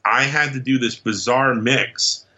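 A man guest on a podcast, telling stories in an animated, casual way, acting out quotes and laughing often. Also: medium pitch, unhurried. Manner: lively storyteller who acts out quotes and laughs often. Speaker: podcast guest, comics writer.

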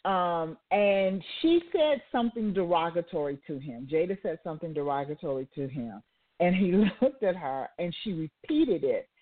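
A woman with a lowish, animated voice speaks at normal speed while hosting a talk radio show. In her motivational monologue she retells a story with asides and makes it into a faith-based lesson. The audio is tinny and phone-like.

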